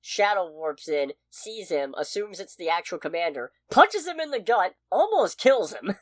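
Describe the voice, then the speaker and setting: A woman co-hosting a podcast, reviewing a movie in casual chat, expressive and swearing freely. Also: on the low side, moderate pace, dry recording. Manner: expressive, swears freely, loud outbursts of frustration. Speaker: podcast co-host.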